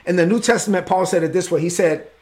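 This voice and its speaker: A man's voice: high-pitched, quick pace. A man preaching a sermon as pastor, fervent and openly emotional.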